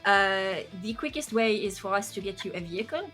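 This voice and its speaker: A woman's voice: mid-range voice, expressive, fairly quick, fairly bright tone, soft background music, close to an everyday voice. A woman voicing an earnest male resistance contact who speaks formally, hesitantly and politely.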